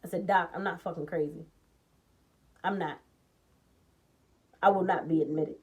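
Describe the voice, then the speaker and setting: A young woman shares a personal tale for her storytime vlog, getting heated and cursing as she performs the exchanges. Her voice is fairly low and her speed is normal.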